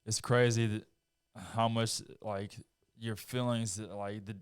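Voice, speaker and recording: A lower-pitched man hosting a podcast, with a very smooth, resonant voice recorded dry and close. His delivery is even and flat as he speaks in a calm, steady way in casual chat. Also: slow, no room sound. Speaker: podcast host, martial artist.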